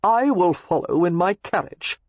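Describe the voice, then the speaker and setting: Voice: mid-range voice, lively intonation, measured pace, a little mellow, no room sound, dull audio. A narrator voicing an arrogant, commanding English earl in an audiobook, speaking curtly and with authority. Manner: curt and authoritative. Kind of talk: audiobook character reading.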